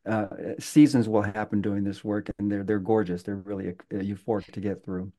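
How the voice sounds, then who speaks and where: A man's voice: fairly low pitch, normal speed. A middle-aged man in casual conversation, telling stories and acting out the people in them. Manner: storytelling, animated retelling with quoted voices.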